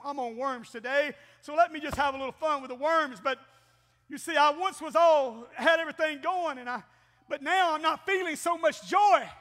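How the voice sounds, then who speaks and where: A middle-aged man preaching a folksy, animated Pentecostal sermon as pastor in a church. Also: very high voice. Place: church sanctuary. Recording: long church-hall reverb.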